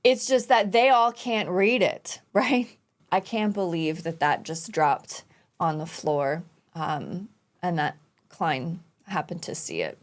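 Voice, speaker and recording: A woman's voice: fairly low pitch, lively intonation, takes it slowly. A woman hosting an anime reaction video, talking earnestly and emotionally about an episode, with sighs and exclamations. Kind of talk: casual reaction commentary.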